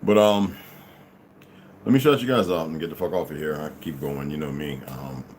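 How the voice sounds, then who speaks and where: A man's voice: extremely low pitch, moderate pace, a little mellow, a little hiss or hum. A tired man chatting casually and profanely on a livestream, greeting viewers as they arrive. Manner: laid-back, profane, rambling, greets viewers as "beloved". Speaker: livestream host.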